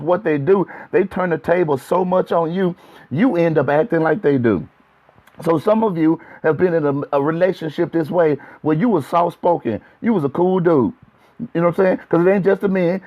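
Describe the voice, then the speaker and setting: Pastor guy preaching casual on his phone stream, kinda high voice, muffled lo-fi sound, keeps talking right to y'all. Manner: chatty, repetitive, talks straight to viewers. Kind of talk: casual livestream sermon talk. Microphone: phone livestream.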